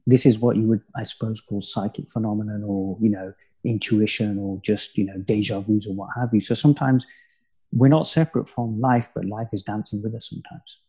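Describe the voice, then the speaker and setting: A man's voice: lowish voice, steady tone, fairly quick, breathy edge. A man, a spiritual teacher and podcast guest, talking in a reflective, musing way in casual conversation. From United Kingdom. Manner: reflective, musing, often quiet.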